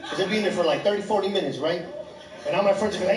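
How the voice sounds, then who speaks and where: A man, doing profane, rambling, animated stand-up storytelling. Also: high voice, rapid-fire, over music. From Chicago. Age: 30s. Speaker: stand-up comedian. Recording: echoey club from far off.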